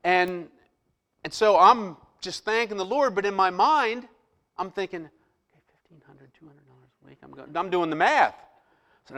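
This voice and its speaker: A middle-aged man, a pastor, telling a personal story in a sermon, quoting others and dropping into a hushed voice for inner thoughts. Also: high-pitched, moderate pace, long pauses. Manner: animated storyteller, drops to hushed voice for quoted lines.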